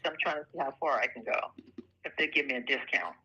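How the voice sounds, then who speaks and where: A woman's voice: very deep voice, fast talker, slight background noise. Blunt older woman on a phone line. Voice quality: soft, light voice. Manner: blunt, straightforward, laughs often. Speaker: home seller on a phone call. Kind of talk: casual phone conversation.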